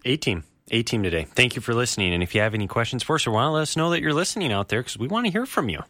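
Energetic male radio producer, fast talker with a bright voice. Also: mid-range voice, no echo. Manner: upbeat, quick, reads call-in number.

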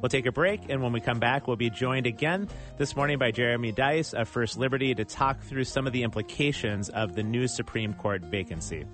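A man's voice: medium pitch, fairly quick, hardly any pauses, a bit bright, faint music behind. A man hosting a morning radio show, chatty and friendly, announcing segments and bantering with a guest.

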